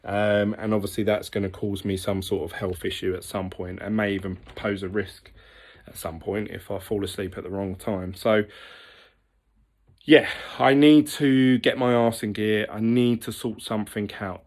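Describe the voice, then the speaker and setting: In a laid-back diet vlog, a man rambles openly with plenty of ums. His voice sits fairly low and has a touch of mellowness.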